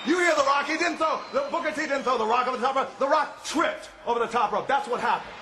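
High, shouting wrestler in an echoey arena. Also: male voice, fast. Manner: boastful, shouting, refers to himself in the third person. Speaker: pro wrestler cutting a promo. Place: large indoor arena. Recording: echoey arena with faint crowd noise.

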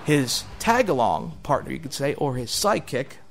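Male documentary narrator, upbeat scripted read, music bed clear underneath. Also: mid-range voice, sing-song, normal speed. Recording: narration over loud music.

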